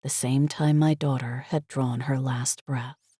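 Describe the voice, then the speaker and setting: A woman with a low voice narrates a first-person thriller at a measured, steady pace. The sound is close and dry, with no room echo. Her delivery stays controlled and even. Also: breathy edge. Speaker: audiobook narrator.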